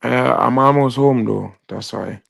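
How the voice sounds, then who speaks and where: A man's voice: medium pitch, measured pace, gravelly, dry recording, studio quality. A man, the guest of a casual interview, giving brief, laid-back answers by phone. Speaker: guest artist. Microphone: phone call, no video.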